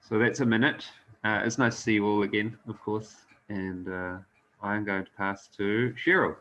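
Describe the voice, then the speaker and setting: A man's voice: lowish voice, steady tone, normal speed, a bit bright, highs cut off, a little hiss or hum. A man with a New Zealand accent sharing candidly with a group, hesitant with fillers. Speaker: workshop participant.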